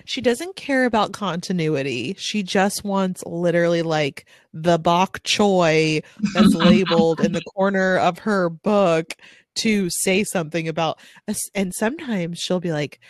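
A woman's voice: fairly low pitch, measured pace, dry recording, clean studio sound. A woman in her thirties co-hosting a casual book chat, laughing as she tells stories about her daughters. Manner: laughing, animated storytelling. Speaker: podcast co-host.

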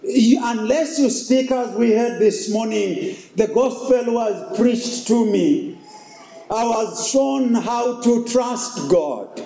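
Male preacher, high and mellow, echoey room with faint ambience. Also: slow pace, gravelly. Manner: emphatic, repetitive preaching with rhetorical questions. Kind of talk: sermon.

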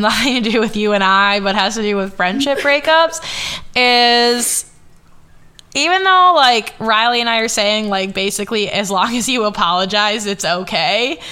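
A woman's voice: mid-range voice, expressive, moderate pace, sharp tone, clean tone. A young woman hosting a podcast, chatting casually with lots of filler words and swearing. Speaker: podcast host.

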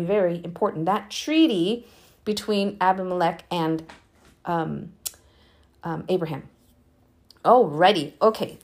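A female podcast host with a mid-range voice reads through Bible chapters in a relaxed, conversational way. Her casual commentary is informal, with plenty of fillers and restarts. When she urges listeners to pray, her emphasis rises into earnest fervor.

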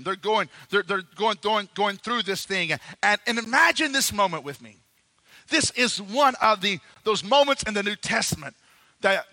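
A male pastor preaching a sermon, dramatic, swinging between shouts and quiet low passages. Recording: long hall reverb.

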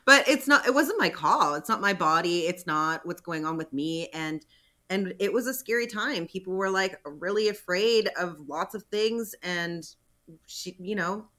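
Animated bright-voiced woman guest. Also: fairly low pitch, normal speed. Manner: animated storytelling, often acts out past conversations. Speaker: guest, filmmaker. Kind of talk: casual conversational interview.

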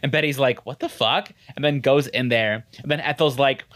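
A woman's voice: rumbling low, fairly even intonation, brisk. A woman chatting casually, recapping a TV episode and acting out characters' lines in exaggerated voices.

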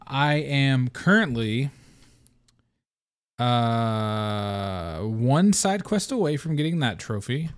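A young man hosting a casual solo podcast, venting in an animated, profane way and slipping into mock voices. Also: medium pitch, slow, smooth, dry recording, studio quality. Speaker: podcast host.

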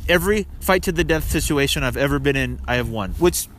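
Animated laughing man on a ski lift. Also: fairly high pitch, fairly quick, a little hiss or hum. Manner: jokey, laughs often, animated. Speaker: podcast host. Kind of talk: casual chat on a ski lift. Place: outdoors on a ski slope.

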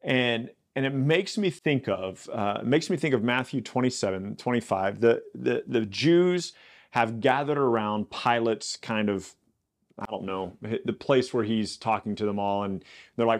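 A man's voice: mid-range voice, moderate pace. A man hosting a Bible podcast, reading scripture aloud and breaking off into casual, rambling commentary with restarts and asides. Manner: reads scripture then riffs with chatty asides; conversational, many fillers and restarts.

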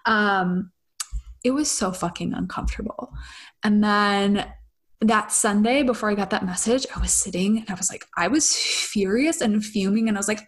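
A woman's voice: medium pitch, lively intonation, moderate pace. A young woman sharing a personal story with her audience in a confessional, casual way, swearing freely and often asking "right?". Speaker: spiritual vlogger.

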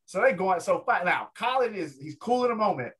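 A man with a fairly high voice tells a wild story with a lot of energy. He jumps into other people's voices as the story goes. He sounds loose and casual, like a guest chatting on a show. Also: animated, brisk, a bit bright. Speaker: guest, ring announcer.

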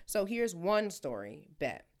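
A young woman co-hosting a podcast, telling stories in a casual, animated, profane way and acting out quoted lines. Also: on the low side, slow pace. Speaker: podcast co-host. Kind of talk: casual storytelling chat.

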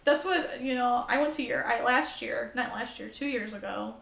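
A young American woman chatting as a podcast guest, animated and swearing freely as she acts out her own reactions. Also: on the high side, normal speed, gravelly, a little hiss or hum. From United States. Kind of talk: casual chat. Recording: roomy echo.

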